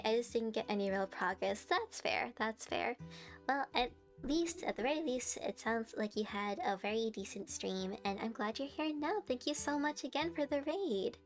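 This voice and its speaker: A young woman streamer, bubbly and giggly, chatting and playfully teasing her viewers on a live stream. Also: a little high.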